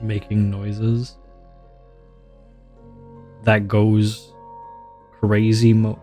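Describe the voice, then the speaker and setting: A man chatting casually on a livestream, talking in a deliberately relaxed voice and rambling with many restarts and repeats. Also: on the low side, soft background music. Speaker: streamer.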